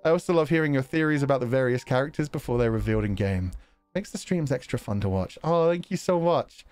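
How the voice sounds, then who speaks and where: A man on a casual livestream, talking straight to his chat. His pitch sits in a middle range but moves a lot. He laughs often and jokes at his own expense. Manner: chatty, laughs often, self-deprecating. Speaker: game streamer reading chat.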